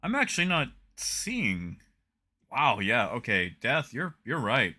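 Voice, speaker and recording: A young man talks to his live-stream audience in a relaxed, casual way. His voice is bright and forceful, and his pitch swings up and down a lot. He reads patch notes aloud and drops dry, wry asides. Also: takes it slowly.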